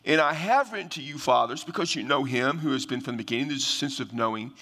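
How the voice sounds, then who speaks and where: An older male pastor with a bright, forceful voice teaches scripture in a relaxed, conversational sermon. He often restarts his phrases and leans on fillers as he explains. His voice carries with a long reverb, as from a large hall. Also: mid-range voice, fast talker.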